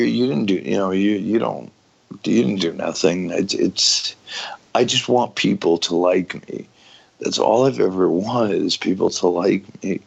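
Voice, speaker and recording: A middle-aged man with a very low, gravelly voice speaks frankly as an interview guest. His talk is raw and full of swearing, and he breaks off and restarts his sentences often. The recording sounds dull and lo-fi. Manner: raw, profane, halting with many restarts. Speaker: guest, former pro wrestler.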